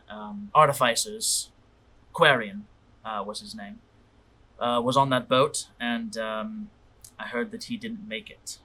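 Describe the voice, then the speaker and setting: A man voicing a reserved upper-class company man with a posh British accent, who speaks formally and politely. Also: medium pitch. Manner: formal, measured and quietly polite.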